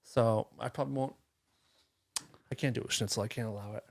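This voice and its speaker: A podcast co-host speaking in casual chat with wry, blunt asides. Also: male voice, mid-range voice, steady tone, brisk, vocal fry.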